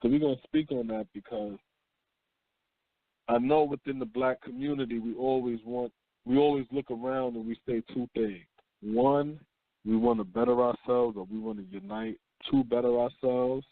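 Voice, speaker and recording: A man hosting a call-in talk radio show, speaking in an unhurried, reflective way and reading a news story aloud. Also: mid-range voice, steady tone, no room sound. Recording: phone-line call-in audio.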